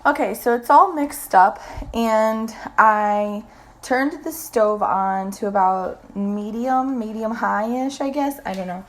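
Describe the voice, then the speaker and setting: A woman's voice: medium pitch, slight background noise. A woman hosting a casual home cooking vlog in her kitchen, chatty and rambling, with self-deprecating asides. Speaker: cooking vlogger.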